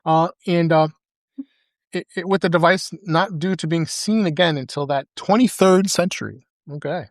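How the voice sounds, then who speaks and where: Man, podcast host, live panel, higher voice, dry sound, rambling with fillers. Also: normal speed, dry recording. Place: live event stage.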